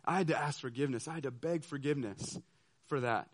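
A man telling a personal story to an audience, animated and laughing, often checking in with listeners. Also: mid-range voice, fast. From southeastern United States. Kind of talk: storytelling talk.

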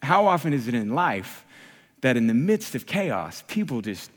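A man preaching to a live audience, telling a humorous personal story in an animated, self-mocking way. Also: mid-range voice, moderate pace. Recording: long reverb of a large hall.

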